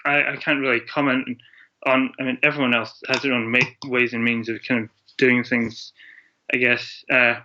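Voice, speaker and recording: A man's voice: mid-range voice, little pitch movement, normal speed, sharp tone. A man from Scotland, a guest on a podcast, chatting casually in a rambling, hesitant way and laughing often. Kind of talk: casual interview chat. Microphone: video call. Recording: dull lo-fi internet call audio.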